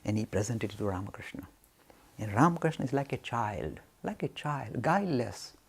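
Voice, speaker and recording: A man telling a spiritual story as a lecture. He talks in an animated way, waving his arms, and asks himself questions that he then answers. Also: medium pitch, normal speed, vocal fry, husky. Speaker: spiritual teacher.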